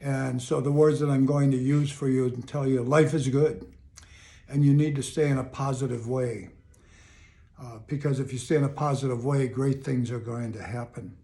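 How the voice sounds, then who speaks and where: A man's voice: mid-range voice, fairly even intonation, normal speed, mellow. An older man giving a casual, earnest, upbeat motivational talk to camera, often repeating his phrases. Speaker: motivational video host. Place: home in Chicago.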